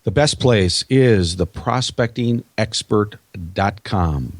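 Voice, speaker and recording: A man with a Minnesotan accent gives a punchy, motivational pitch as a podcast guest and keeps hammering on his main phrases. His voice sits on the low side. The recording is dry and close, with no room sound. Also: slow, hardly any pauses, no echo. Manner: emphatic, motivational, repeats key phrases. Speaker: sales trainer and podcast guest. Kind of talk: podcast interview.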